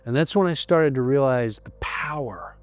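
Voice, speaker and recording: A man's voice: medium pitch, expressive, normal speed, soft background music. A male comedian recounting a story in an interview, emphatic and repetitive, sometimes dropping to a near-whisper.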